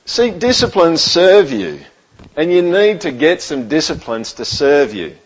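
A pastor with a slightly high, expressive voice preaches a sermon in church at an unhurried pace, on a rough recording. He speaks conversationally and keeps asking the room "right?"

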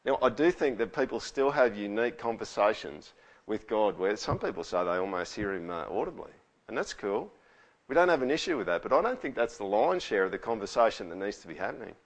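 Aussie pastor preaching, chatty, keeps asking the room "all right?". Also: male voice, fairly low pitch, big pitch swings, brisk. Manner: conversational, with frequent rhetorical tags. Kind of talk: sermon.

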